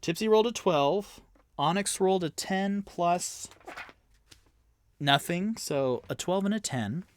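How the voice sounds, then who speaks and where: A man's voice: high-pitched, animated, takes it slowly, slight background noise. A young man narrating a solo tabletop game as game master, chatty and prone to self-mocking tangents.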